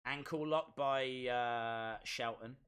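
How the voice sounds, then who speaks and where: A man hosts a live stream reacting to a wrestling show, his commentary excitable, chatty and self-mocking. His voice sits at medium pitch with a clean tone, and he speaks slowly.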